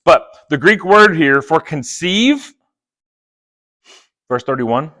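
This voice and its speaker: A man preaching a sermon, playful and chatty, acting out quick quoted asides. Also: fairly high pitch, expressive, bright, forceful tone. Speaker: pastor.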